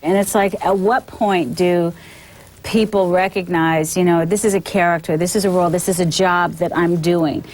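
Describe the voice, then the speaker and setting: A woman's voice: lowish voice, steady tone, normal speed, darkish tone. A woman reflecting in an interview in a thoughtful, searching way.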